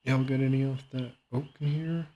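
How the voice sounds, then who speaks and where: A man chatting casually while playing a game and reacting to a video, rambling and halting with many fillers. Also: medium pitch, steady tone, dark tone. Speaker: streamer. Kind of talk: casual gaming commentary.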